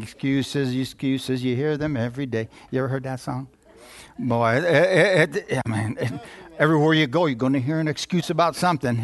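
A male pastor preaching a sermon, calling for amens, chuckling at times and reading scripture slowly. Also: on the high side.

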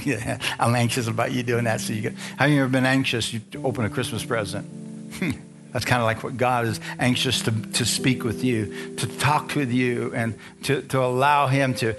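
A middle-aged man delivers a sermon, moving from a personal story to scripture. He keeps checking in with his listeners through short questions, and steady guitar music plays under his voice the whole way. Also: mid-range voice. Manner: storytelling preacher, asks the congregation questions. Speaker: pastor.

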